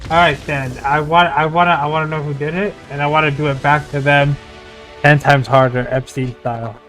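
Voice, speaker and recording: A man's voice: fairly high pitch, steady tone, a little fast, a bit bright, soft background music. A man playing a tabletop game, stammering and hesitant, with sarcastic turns. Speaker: player.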